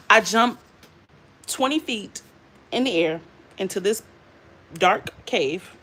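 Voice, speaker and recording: A young adult woman, casually telling a lively story to her viewers and laughing often. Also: mid-range voice, takes it slowly, breathy edge. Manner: animated, laughing, addresses viewers as y'all. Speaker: beauty and faith vlogger.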